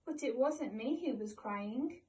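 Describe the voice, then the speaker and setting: A woman voicing a young turtle in a storybook reading, speaking softly. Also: on the high side, expressive, a little slow, recorded from a distance. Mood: gentle. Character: young turtle, shy and gentle.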